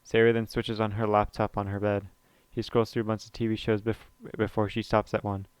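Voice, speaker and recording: A man's voice: lowish voice, little pitch movement, brisk, clear, resonant tone, no room sound. A man reading a visual novel aloud in the first person, with small slips and side comments. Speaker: let's play narrator.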